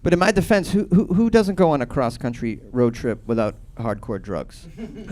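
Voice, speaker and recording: A man in his thirties from Boston doing a stand-up comedy set, telling a loose, profane story with sudden loud bursts. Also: a little high, big pitch swings, moderate pace. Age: 30s.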